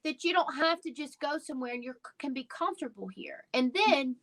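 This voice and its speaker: A woman's voice: high voice, a little fast, fairly bright tone, low-quality recording. A woman who owns a lingerie store, telling stories as a guest in a casual interview with emphatic, heartfelt energy.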